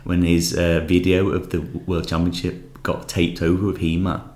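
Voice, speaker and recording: A man's voice: sits low, flat delivery, normal speed, a little mellow, reverberant. A man co-hosting a podcast, chatting casually and laughing easily. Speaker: podcast co-host. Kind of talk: casual chat.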